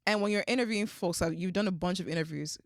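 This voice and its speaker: A woman's voice: on the low side, fast, no room sound, studio quality. A woman hosting a podcast, talking in an earnest, rambling way with lots of "like" fillers in casual interview chat. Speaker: podcast host.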